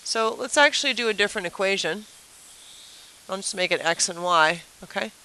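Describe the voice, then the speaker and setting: A woman teacher runs a casual review lesson at the whiteboard, her voice bright and clear. She keeps throwing questions at the class and explains with playful everyday comparisons. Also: mid-range voice, normal speed, slight background noise, poor audio. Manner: chatty, asks the class rhetorical questions.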